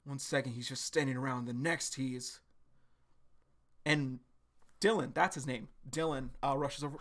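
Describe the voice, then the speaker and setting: A man streaming a live reaction to a comic, excitable and profane, rambling with lots of fillers. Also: fairly high pitch, a little slow.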